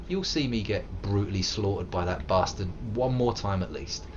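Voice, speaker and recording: A British man in his thirties giving live commentary while he plays, self-mocking and swinging from loud outbursts to low mutters. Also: moderate pace. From United Kingdom. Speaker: streamer. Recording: muffled with steady background hiss.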